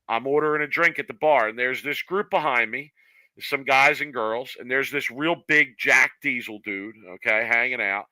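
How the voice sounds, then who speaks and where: A man's voice: mid-range voice, bright, forceful tone, no room sound, low-quality recording. A man co-hosting a bowling podcast, telling a long story in casual chat and acting out the voices he quotes. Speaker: podcast co-host.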